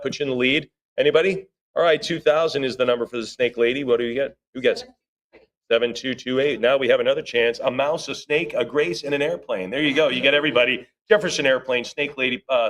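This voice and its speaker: A man runs a live auction, rattling off bids at speed and pausing for friendly remarks to staff and bidders. The setting is an auction room, and his voice is mid-range.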